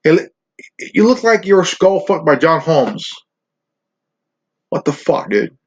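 Slow, stammering man on a profane rant. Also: a little high, animated, vocal fry, husky. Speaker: channel host. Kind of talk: ranting vlog. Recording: dull lo-fi recording.

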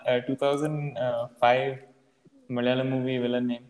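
A man's voice: medium pitch, flat delivery, normal speed, darkish tone, a little hiss or hum. A man of about twenty hosting a podcast, talking casually and rambling with lots of fillers. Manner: laid-back, rambling with many fillers. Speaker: podcast host. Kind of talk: casual chat. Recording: echoey room with long reverb.

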